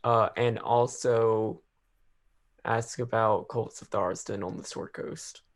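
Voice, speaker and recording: A man playing in a tabletop game, speaking in a brisk, matter-of-fact way. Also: on the low side, fairly even intonation. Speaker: player. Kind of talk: casual tabletop play.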